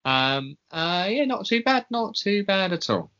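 A man co-hosting a podcast in casual chat, hesitant, filling pauses with ums. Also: high-pitched, very animated, pushed and bright, dull audio. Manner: hesitant, lots of ums, often laughing. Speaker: podcast co-host.

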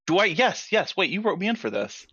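A man's voice: high voice, big pitch swings, a little fast, pushed and bright, husky, dry recording. A man talking as a player at a tabletop game, flustered and self-deprecating. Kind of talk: casual chat at a game table. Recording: dull lo-fi mic.

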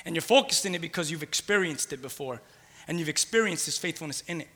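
A man preaching a sermon with passion, swinging between hushed, intimate lines and loud, rising calls, repeating phrases rhythmically and calling on the congregation to respond. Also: a little high, animated, fast talker. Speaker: pastor.

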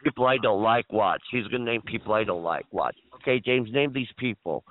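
A man's voice: on the low side, a little fast. A man on a chat line, lecturing the other caller and repeating his name over and over. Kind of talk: heated phone argument. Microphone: phone. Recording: tinny phone line.

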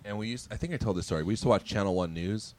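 A man hosting a podcast, making deadpan, self-mocking jokes during a live recording on an outdoor patio. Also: fairly low pitch, very fast. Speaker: podcast host. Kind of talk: casual chat.

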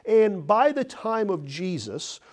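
A man preaching a sermon, earnest, building to urgent emphasis and clearing his throat now and then. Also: high voice, sing-song, takes it slowly.

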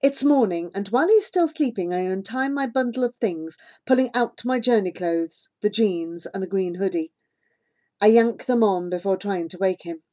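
A woman's voice: mid-range voice, moderate pace, dark tone. Woman reading a children's novel aloud. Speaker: audiobook narrator. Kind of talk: scripted first-person novel narration.

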